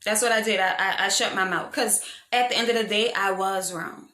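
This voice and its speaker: Young woman, vlogger, storytime monologue, frank and slangy, bright voice, echoey room. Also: medium pitch, a little fast. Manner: animated, frank, slangy, self-mocking.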